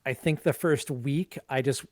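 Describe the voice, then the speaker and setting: A man's voice: medium pitch, a little slow, no echo, studio quality. A man co-hosting a casual livestream, plugging a game in a wry, upbeat way.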